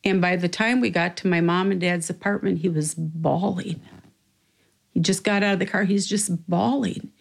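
A woman's voice: fairly low pitch, fairly even intonation, normal speed, creaky, slightly rough, rough recording. An older woman from Minnesota earnestly tells a personal family story, stopping to think and quoting others as she goes. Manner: earnest, reflective, quotes others in dialogue. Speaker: interviewee telling a family story. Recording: music bed under the voice.

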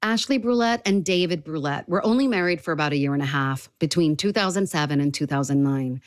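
A woman reporter narrating a news report with a measured, even delivery. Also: low voice, no room sound.

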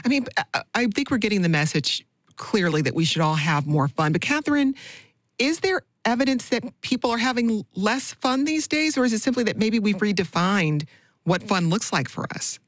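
A woman hosting a public radio interview show, moderating guests in a measured, conversational way. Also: medium pitch, animated, no room sound.

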